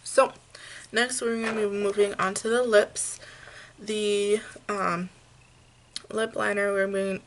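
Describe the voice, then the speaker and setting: Slow, gravelly-voiced woman makeup vlogger. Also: medium pitch, a little hiss or hum. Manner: slow, gentle step-by-step explaining with fillers. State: hiccups. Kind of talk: makeup tutorial.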